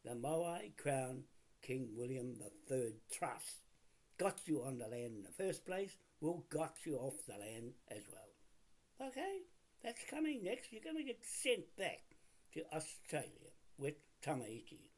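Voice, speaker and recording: Gravelly man ranting at his targets. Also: mid-range voice, expressive, measured pace, darkish tone. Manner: combative, addresses targets directly; repetitive, asks rhetorical questions. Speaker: video blogger. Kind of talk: ranting monologue to camera.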